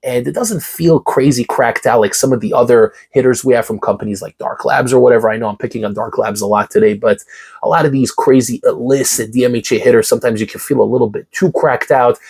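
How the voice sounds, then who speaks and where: A man's voice: medium pitch, a little mellow, breathy edge. A man, congested and getting over a cough, enthusiastically reviewing and ranking pre-workout supplements in a casual talk to camera. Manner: enthusiastic, hype-driven, repeats key words.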